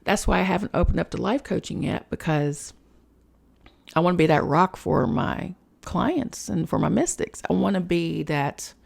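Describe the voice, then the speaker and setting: A woman's voice: lowish voice, lively intonation, normal speed, gravelly, husky. A woman hosting a spiritual podcast, talking in a frank, emotional personal monologue, swearing freely and chatting with lots of fillers.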